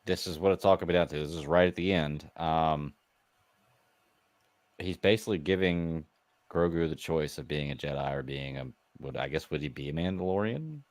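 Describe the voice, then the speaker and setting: A man's voice: rumbling low, moderate pace. A man co-hosting a podcast, chatty and putting questions to his co-hosts. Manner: chatty, poses questions to the others. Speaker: podcast co-host. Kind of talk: casual chat.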